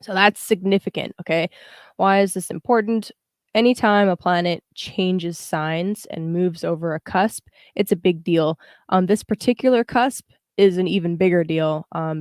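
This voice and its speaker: Young woman, low-ish voice, relaxed livestream astrologer, chatty, dry close mic. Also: measured pace, no room sound. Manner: chatty, greets live viewers, frequent fillers. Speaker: astrologer and tarot livestream host. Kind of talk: casual livestream chat explaining astrology.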